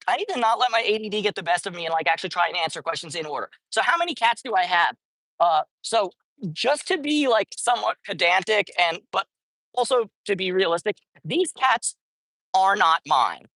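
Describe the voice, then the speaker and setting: A woman's voice: mid-range voice, sing-song, brisk, fairly bright tone, no room sound. A woman talks off the cuff through a livestream as she feeds street cats outdoors. She rambles, stops mid-phrase and corrects herself. Her voice sounds close and dry, with no room around it. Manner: rambling, self-correcting, chatty. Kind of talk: casual livestream chat. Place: outdoors at a street cat feeding spot.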